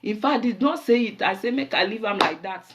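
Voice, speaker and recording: Nigerian woman, show host, casual monologue, animated storytelling, mid-pitched voice. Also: brisk, background noise. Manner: animated storyteller mixing in pidgin.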